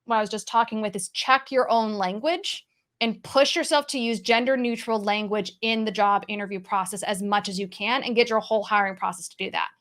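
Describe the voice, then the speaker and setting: A woman sales coach on a panel, giving direct, practical advice in brisk lists. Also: mid-range voice, a bit bright. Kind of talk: panel discussion.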